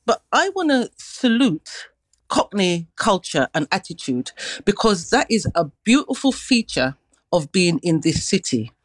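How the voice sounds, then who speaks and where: Female radio guest, expressive and lively, dry close mic. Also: medium pitch, a little slow, no room sound, low-quality recording. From London. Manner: expressive, acts out greetings. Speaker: radio guest and dance teacher. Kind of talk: live radio chat.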